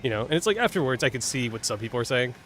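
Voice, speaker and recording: A man's voice: mid-range voice, very animated, very fast, fairly bright tone, soft background music. A man casually commenting while playing a game, rambling with lots of fillers, swearing and laughing at his own mistakes. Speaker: gaming streamer.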